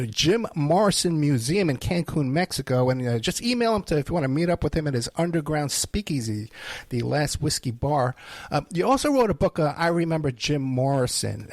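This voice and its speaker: A man hosts an interview in a slightly high voice, reading out contact details and asking questions with plenty of uhs. The sound is dry and close. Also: sing-song, brisk, a little mellow, dry recording. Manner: plugs links and asks questions, with fillers. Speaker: podcast host. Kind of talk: interview hosting.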